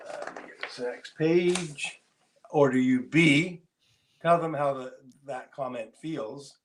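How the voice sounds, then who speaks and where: A man's voice: a little high, slow. A man co-hosting a casual podcast, reading out scenarios and laughing easily. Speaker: podcast co-host.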